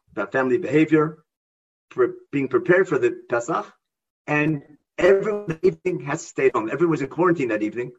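A man's voice: a little high, husky, dull audio. A man teaching a Bible class who reads out Hebrew verses and then explains them with emphasis. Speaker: Torah teacher.

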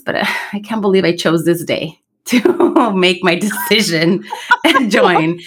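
A woman's voice: fairly low pitch, a little slow, husky. Chatty storytelling woman podcast co-host. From Los Angeles. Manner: chatty storyteller, slips into Spanish. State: pregnant. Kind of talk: casual chat.

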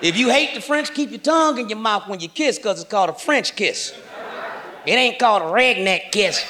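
A man performing a stand-up comedy routine, loud and profane, shouting his punchlines. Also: high voice, lively intonation, moderate pace, background noise. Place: comedy stage before a large audience. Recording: live show with loud roaring audience.

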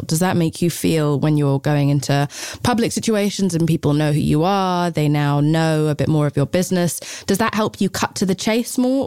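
A woman hosting a podcast, her voice hoarse from a cold, talking in an effusive, enthusiastic way. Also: deep voice, darkish tone, no echo, clean studio sound. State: sick, hoarse voice. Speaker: podcast host. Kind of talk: podcast intro and interview.

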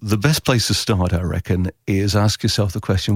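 A man answering interview questions about radio writing, animated and chatty, often acting out imagined voices. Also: moderate pace, breathy edge, dry recording, studio quality. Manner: animated, quotes imagined voices with big pitch leaps.

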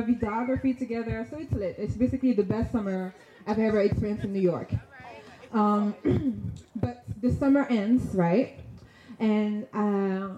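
A young woman telling a personal story on stage, animated and slangy, laughing often. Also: on the high side. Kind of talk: personal story told to an audience. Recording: dull, roomy sound with faint noise.

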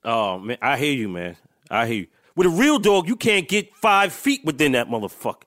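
Slangy man with lively, reactive banter. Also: medium pitch, moderate pace. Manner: short reactive interjections, slangy. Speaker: podcast co-host. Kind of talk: casual podcast chat.

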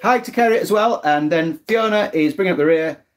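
A middle-aged co-host reads messages from the live chat in an easygoing way. Dry little comments follow each one. The voice sits at an ordinary, middling pitch, recorded at home in a living room. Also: a little fast. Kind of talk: casual chat.

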